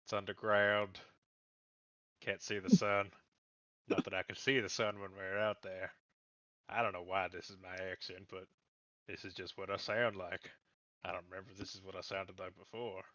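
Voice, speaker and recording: A man's voice: deep voice, little pitch movement, normal speed, long pauses, pushed and bright, dry recording, muffled recording, voice pushed down. A man voicing a grumpy male horse who rambles on, complaining about being underground. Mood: grumbling. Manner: rambling, complaining, talks about his own odd accent.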